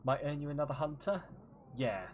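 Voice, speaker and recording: A man's voice: fairly high pitch, brisk, a little hiss or hum. A male streamer giving casual gameplay commentary, joking around and riffing on silly voices.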